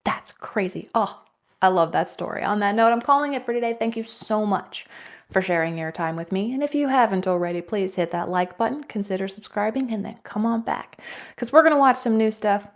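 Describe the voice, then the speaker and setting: A woman's voice: medium pitch, expressive, brisk. A woman hosting a reaction video, chatting casually about a story and signing off with enthusiasm. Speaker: reaction channel host.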